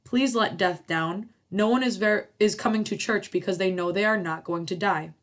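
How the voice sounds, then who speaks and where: A woman doing a slow, pleading village priest. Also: mid-range voice, natural voice.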